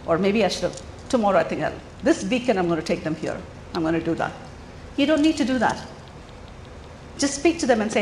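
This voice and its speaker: A middle-aged woman giving an earnest, animated talk to parents at a school coffee morning, often putting questions to the audience. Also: medium pitch, a little fast, pauses often. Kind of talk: lively talk to a room of parents. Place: school hall or meeting room. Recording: echoey room, faint background noise.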